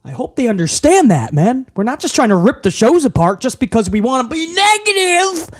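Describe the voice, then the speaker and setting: A man's voice: very high voice, very animated, a little fast. A man hosting a live stream, reading viewer messages in a profane, hyped, emphatic way. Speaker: wrestling commentary streamer.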